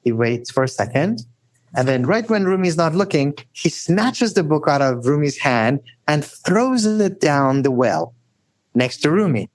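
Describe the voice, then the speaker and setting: A man telling stories as a guest scholar in a podcast interview, animated and often adding "right?". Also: measured pace, dry recording. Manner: animated storyteller, rising high for emphasis; frequent "right?" tags.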